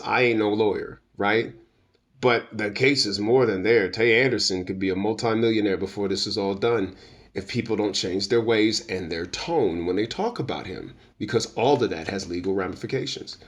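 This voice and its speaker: A man being interviewed as a guest, speaking emphatically and informally with a preacher-like, slangy cadence. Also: on the low side. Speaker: guest commentator. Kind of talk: opinionated interview talk.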